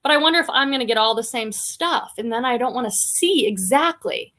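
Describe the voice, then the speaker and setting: Bright chatty woman with a slight Boston accent. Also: a little high, lively intonation, brisk. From Boston area. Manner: chatty, upbeat, greets viewers by name. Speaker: livestream host, reseller. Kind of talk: casual livestream chat reading comments.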